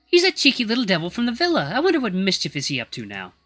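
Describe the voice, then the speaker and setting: A sweet, scatterbrained old she-wolf, as a man puts her on in a storybook reading, her voice pushed up high and sailing. She speaks in a genteel, dotty, grandmotherly way, with a bright tone and faint music behind. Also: wildly swooping pitch, racing, exaggerated voice. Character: frail ancient female wolf elder, sweet, scatterbrained.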